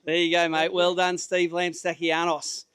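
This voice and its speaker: A man's voice: a little high, completely flat delivery, normal speed, a bit bright, smooth, no room sound. An Australian man emceeing a fishing tournament weigh-in outdoors, chatty and upbeat with the anglers. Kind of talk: live tournament emcee banter. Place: outdoor waterside stage.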